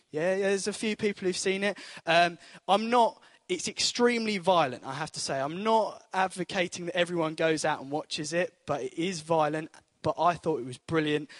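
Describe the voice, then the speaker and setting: A man preaches a sermon to a congregation, earnest and storytelling. His voice sits fairly high and turns energetic at moments. The sound is close and dry. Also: no room sound. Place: church before a congregation.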